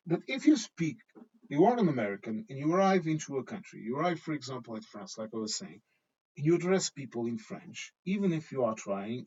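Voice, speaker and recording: On a dull lo-fi recording, a middle-aged vlogger from Portugal speaks with a Portuguese accent in a medium-pitched, darkish voice with a breathy edge. His casual monologue is blunt and full of swearing, punctuated by frequent "okay?" check-ins.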